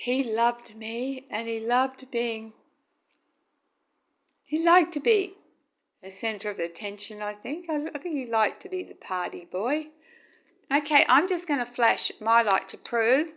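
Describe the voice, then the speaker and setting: A woman with a high voice talks slowly and gently as she films indoors at night. Her words come soft and tender, and the phone recording sounds dull and lo-fi. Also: expressive, gravelly. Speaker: vlogger. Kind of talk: casual home video narration.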